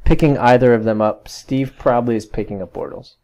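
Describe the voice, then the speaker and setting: A man's voice: mid-range voice, brisk, a little mellow. A man hosting a casual sports podcast, chatty and full of fillers as he reads off plugs and wraps up the show. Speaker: podcast host.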